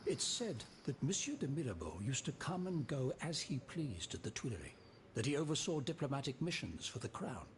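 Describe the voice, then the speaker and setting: An actor playing a formal, self-important former royal minister in a video game. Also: male voice, medium pitch, big pitch swings, a little fast, background noise, lightly acted. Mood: pompous. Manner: formal, pompous. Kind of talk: game dialogue.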